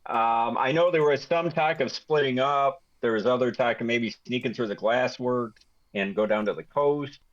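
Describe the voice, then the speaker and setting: A man's voice: mid-range voice, normal speed, lo-fi sound. A man running a tabletop game as game master, rambling and correcting himself with jokes. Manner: rambling, self-correcting, jokey.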